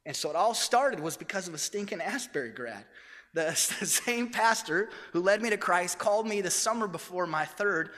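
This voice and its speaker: Male pastor, 30s, energetic self-mocking sermon, forceful bright voice, echoey hall. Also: high voice, normal speed. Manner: energetic, self-deprecating storytelling.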